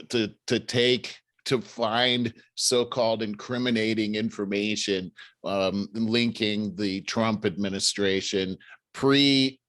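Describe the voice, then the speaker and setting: A man's voice: on the low side, a bit bright, no room sound. A man hosting a podcast, recounting news in a casual, hesitant way with many fillers. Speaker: podcast host.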